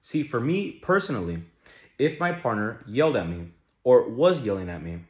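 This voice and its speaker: A young man talking straight to the camera in a casual vlog, blunt and heavy on profanity. His pitch swings widely as he hammers home his points with questions. The sound carries a roomy echo. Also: very animated, moderate pace. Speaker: vlogger. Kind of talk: casual relationship-advice vlog. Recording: echoey room.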